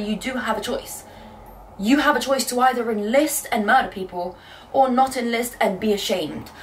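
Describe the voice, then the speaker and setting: A young woman from Britain chatting casually in a book vlog from her bedroom, telling stories in a lively, animated way. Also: on the high side, recorded from a distance, slight background noise, low-quality recording. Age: young adult. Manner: chatty, quick and animated storytelling. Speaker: book vlogger. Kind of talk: casual chat.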